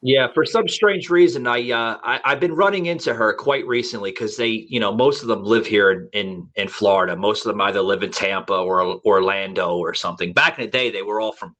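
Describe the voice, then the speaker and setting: A man's voice: on the low side, brisk, hardly any pauses, fairly bright tone. A man from the United States hosting a podcast in casual chat, rambling with many fillers and restarts. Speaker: podcast host. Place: Florida.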